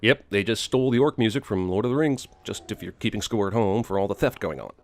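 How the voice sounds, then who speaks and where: A man narrating a sarcastic movie critique, mocking each scene with rapid rhetorical questions. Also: on the low side, noisy background. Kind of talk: sarcastic comedic voice-over.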